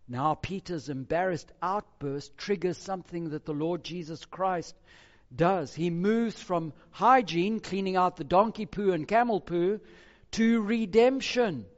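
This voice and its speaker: A man preaching a sermon verse by verse, emphatic, moving between loud stressed phrases and quiet, low asides. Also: a little slow. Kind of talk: expository sermon. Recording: dull lo-fi recording with hall reverb.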